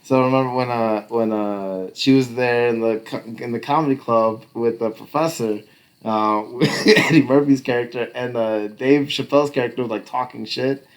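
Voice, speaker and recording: A man's voice: mid-range voice, moderate pace. A man in casual podcast chat, talking loosely with lots of fillers and cursing, slipping into quoted voices. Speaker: podcast co-host.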